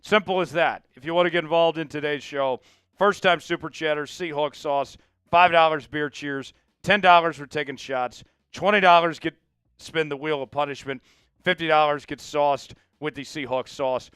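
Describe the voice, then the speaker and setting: A man's voice: fairly high pitch, normal speed, a bit bright, smooth, dry recording, clean studio sound. Hyped man hosting a sports livestream. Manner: hyped, pleading with viewers, mock outrage. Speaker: livestream sports show host. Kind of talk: casual live-stream chat.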